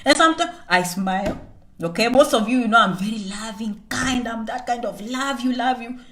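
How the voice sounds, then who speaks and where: There's slight background noise as a Kenyan woman vlogger, her pitch fairly high and her tone fairly bright, gives an emphatic motivational chat on a live stream at a moderate pace. She repeats points, refers to herself in the third person, and keeps asking "okay?".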